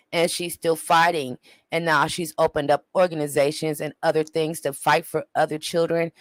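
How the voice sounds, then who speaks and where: A man's voice: on the high side, no echo, low-quality recording. A man in his forties hosting a show, making emotional, preacher-like appeals to his viewers. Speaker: show host. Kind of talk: livestream commentary.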